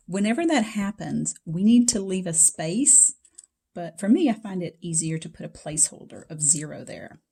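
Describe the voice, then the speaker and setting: A woman walks students through math in a loose, chatty lecture, talking to them directly. Her voice sits low and dark, with a husky edge. She sounds like she is recording alone at home. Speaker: math teacher. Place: home basement.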